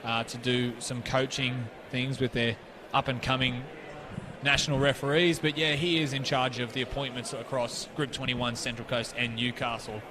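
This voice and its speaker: A man's voice: medium pitch, little pitch movement, normal speed. A young man working as co-commentator at a local rugby league match, chatting and joking while he breaks down the play. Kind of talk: casual sports commentary. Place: commentary box at an outdoor ground. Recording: crowd noise in the background.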